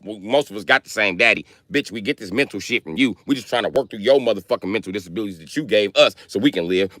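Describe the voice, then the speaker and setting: A man's voice: mid-range voice, pushed and bright, no room sound, studio quality. A man giving a profane, rambling, joking rant on a casual livestream, talking outdoors in public.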